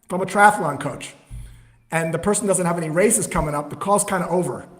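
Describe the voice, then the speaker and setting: A man with a fairly high voice talks through prospecting calls in a relaxed, conversational podcast style. He acts out both the caller and the prospect with lively energy. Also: a little fast. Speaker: sales trainer, guest. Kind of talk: conversational explaining with acted call examples.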